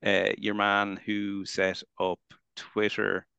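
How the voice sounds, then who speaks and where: Gravelly Irish man chatting on a podcast. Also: fairly low pitch, monotone, slow, sharp tone, no room sound, muffled recording. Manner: chatty, laughs often, trails off. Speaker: podcast co-host. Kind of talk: casual chat.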